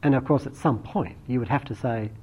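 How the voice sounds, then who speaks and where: Husky man giving a dharma talk. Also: medium pitch, darkish tone. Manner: thoughtful, unhurried, with frequent restarts. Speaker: meditation teacher. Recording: dull lo-fi recording.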